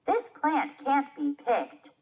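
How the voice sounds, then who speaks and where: A helpful young girl, read aloud by a woman, slow and sing-song. Plain storybook reading. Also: high-pitched, big pitch swings, darkish tone, heavily acted. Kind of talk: reading a children's play aloud.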